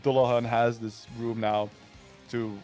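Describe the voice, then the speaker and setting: A man's voice: mid-range voice, level tone, measured pace, warm tone, soft background music. A young man giving live fighting game commentary, analytical and heavy on fillers, often asking "right?". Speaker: esports commentator.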